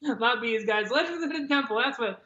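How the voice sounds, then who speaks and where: A man co-hosting a casual pop-culture podcast. He is animated and acts out silly voices when retelling things. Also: very high voice, a little fast. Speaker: podcast co-host. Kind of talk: casual chat. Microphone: remote call setup on a laptop. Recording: roomy, dull lo-fi sound.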